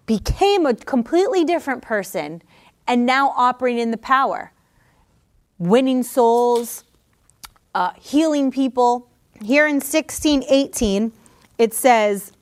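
A woman Bible teacher preaching on her podcast with fiery, exhorting energy. Her voice sits a little high, and she laughs easily between calls to action. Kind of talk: podcast sermon.

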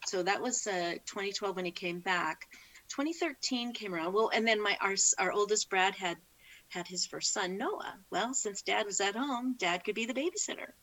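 Recorded in low quality, a middle-aged woman guest in an interview shares a heartfelt faith testimony. Her voice is medium-pitched and fairly bright at normal speed, and she restarts frequently.

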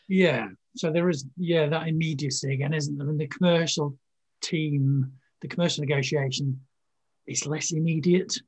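A man with a somewhat higher, husky voice hosts a relaxed interview. He speaks thoughtfully and hedges his points. He often ends with tag questions to check that he has understood. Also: moderate pace. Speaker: host, interviewer. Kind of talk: conversational interview.

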